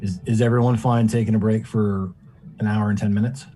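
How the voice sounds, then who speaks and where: A man's voice: fairly low pitch, level tone, fairly quick, warm tone, faint music behind. A man playing a tabletop game, careful and stammering over his words. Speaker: player.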